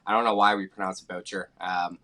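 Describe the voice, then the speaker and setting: A man in his thirties from Canada, a guest golfer telling his story in a relaxed, easygoing podcast chat. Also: low-pitched, quick pace.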